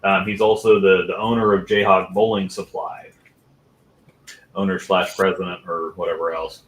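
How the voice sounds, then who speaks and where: A man's voice: low-pitched, flat delivery, normal speed, fairly bright tone. A man co-hosting a podcast in casual chat, rambling with many restarts and fillers. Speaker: podcast co-host. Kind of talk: casual chat about bowling. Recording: roomy echo.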